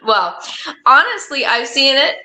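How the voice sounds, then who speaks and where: A woman's voice: sits high, very animated, measured pace, bright, forceful tone. Emphatic, self-assured woman in her late 20s. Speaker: podcast co-host. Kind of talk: casual podcast chat. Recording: roomy echo.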